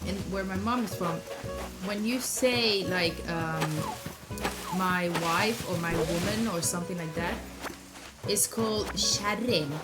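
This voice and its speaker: A young woman, chatting casually with viewers while playing a game on a live stream. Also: lowish voice. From Norway. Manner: chatty, answers chat aloud, quick asides to the game. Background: loud game music.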